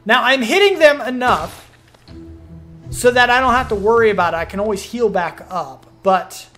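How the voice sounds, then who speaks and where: A man's voice: extremely high pitch, normal speed, a bit bright, soft background music. A man commenting casually as he plays a video game, talking to himself and his viewers and reacting with surprise. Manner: chatty, self-talking, easily surprised. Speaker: gaming streamer. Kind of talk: let's play commentary.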